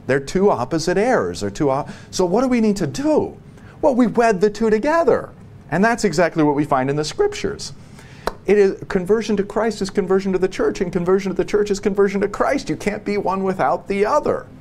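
A man giving a long spoken answer in a book study, emphatic and repetitive, dropping quiet and low on solemn points. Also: sing-song, brisk, slight background noise. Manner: emphatic, repeats key phrases, many restarts.

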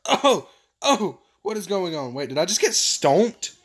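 Hyped guy narrating his game, voice jumps all over, kinda high. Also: moderate pace, husky. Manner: excitable, exclamatory, playful. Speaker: gaming channel host. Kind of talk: video game commentary.

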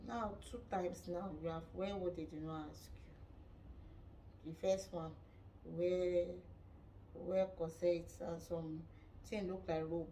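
A woman with a Nigerian accent giving a lively, dramatic gossip review of a reality show, laughing often. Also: fairly low pitch, slow, long pauses, distant mic, slight background noise. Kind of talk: casual gossip commentary.

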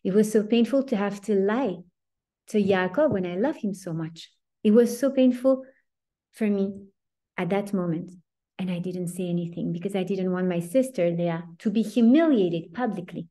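A woman's voice: mid-range voice, moderate pace, mellow, close to an everyday voice. A woman voicing the biblical matriarch Rachel, who pleads with God in a heartfelt first-person confession. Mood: pleading.

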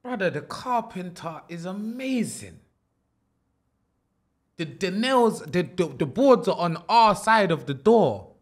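A young man giving excitable, swearing, joking commentary while streaming a horror game. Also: high voice, slow pace. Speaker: gaming streamer. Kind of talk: horror let's-play commentary.

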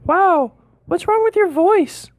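A woman's voice: extremely high pitch, lively intonation, slow, dry recording, heavily acted. Little Red, a woman doing a chirpy young girl. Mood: curious. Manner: chirpy, sing-song humming.

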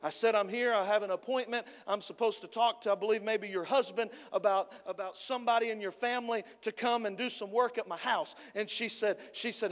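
A male pastor preaches in a high voice and tells a homespun story with lively, repetitive delivery. His words ring out with a long reverb, as if in a large church hall. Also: brisk, hardly any pauses. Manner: folksy, animated storyteller, repeats himself. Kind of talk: sermon with storytelling.

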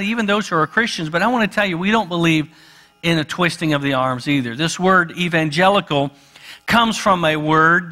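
A man preaching a sermon to a church congregation, talking conversationally, with quick asides and slow, stressed phrases. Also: high voice, bright, forceful tone, long reverb tail. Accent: West Virginian. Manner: shifts pace often, quick asides and slow emphasis. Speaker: pastor. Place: church sanctuary.

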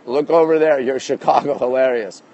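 A man's voice: mid-range voice, steady tone, moderate pace, warm tone, lo-fi sound. A man from Canada hosting a live phone stream from his rooftop at night, chatting upbeat and greeting viewers by name. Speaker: livestream host. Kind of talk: live-stream chat reading viewer comments. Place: rooftop deck outdoors at night. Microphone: phone held in hand.

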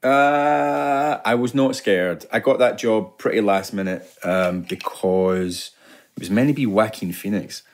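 A man's voice: on the low side, unhurried. Chatty man telling stories. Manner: animated storyteller, laughs often. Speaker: guest actor. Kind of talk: casual podcast chat.

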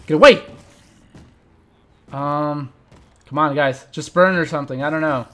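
Young male let's play host, slightly high pitch, excitable and jokey running commentary. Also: normal speed. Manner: animated, talks to viewers, reacts loudly to the game; playful, jokes and mock eulogies. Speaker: gaming channel host.

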